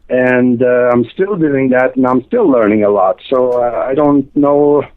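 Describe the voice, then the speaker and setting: An older man from Norway, a radio guest talking casually in a rambling, hesitant way full of fillers, heard over a cell phone. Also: mid-range voice. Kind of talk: casual interview. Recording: tinny cell phone line.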